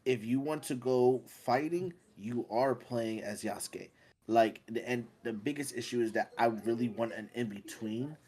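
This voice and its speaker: A man's voice: medium pitch, measured pace, husky. A man co-hosting a casual gaming podcast, rambling with many fillers and restarts. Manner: rambling, filler-heavy, animated when excited. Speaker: podcast co-host.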